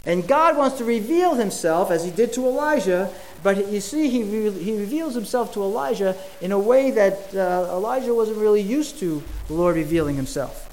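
A man preaching a sermon in an earnest way, with pauses and fillers. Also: high voice, lively intonation, darkish tone, low-quality recording.

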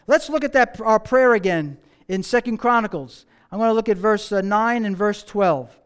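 Male pastor, high voice, smooth and clear, conversational sermon full of rhetorical questions and repeated phrases. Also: moderate pace.

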